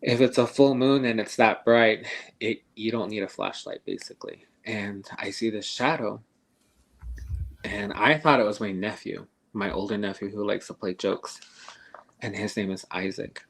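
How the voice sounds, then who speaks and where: Low gravelly older man telling a story. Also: steady tone. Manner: halting, with many fillers and restarts. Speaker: podcast guest storyteller. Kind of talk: casual spoken ghost story.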